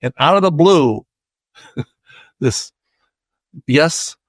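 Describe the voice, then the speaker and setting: Older guy from iowa rambling through a story on a podcast, dry close mic, does loud voices for people he quotes. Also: fairly high pitch, expressive, very slow, no room sound. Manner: chatty, acts out quoted voices loudly. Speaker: guest.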